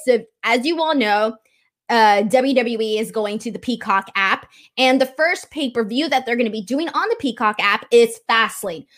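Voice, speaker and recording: Young woman rambling on a livestream, high voice, lots of ums and likes. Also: a bit bright. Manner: chatty, gushing, many fillers like "um" and "like". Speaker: wrestling show host. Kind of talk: casual livestream chat.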